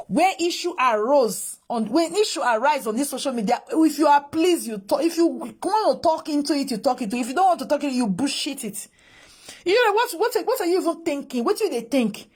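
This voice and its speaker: Nigerian woman commentator, very high and animated, exasperated ranting, Pidgin-English mix. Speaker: social media commentator. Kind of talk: reaction commentary.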